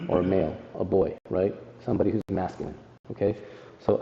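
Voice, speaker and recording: A male teacher walks his class through Arabic phrases, tagging "right?" onto nearly every line. His voice is dark and gravelly. The sound is muffled and echoes through a hall. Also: low-pitched, fairly quick. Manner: explains step by step, checks in with "right?" constantly. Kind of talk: classroom lesson. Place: classroom in a mosque.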